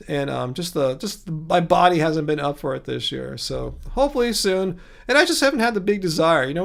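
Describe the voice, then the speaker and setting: A man with a fairly high voice hosts a relaxed livestream, chatting through viewer comments. He rambles, circles back on himself and restarts often, with small chuckles along the way. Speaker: livestream host. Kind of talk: casual livestream chat answering viewer comments.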